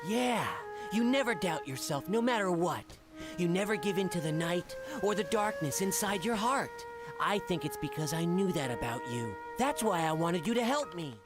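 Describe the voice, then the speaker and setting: A woman voicing a gentle, earnest young female genie in a game cutscene, speaking softly and reassuringly. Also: fairly low pitch, expressive, moderate pace, lightly acted. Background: game music.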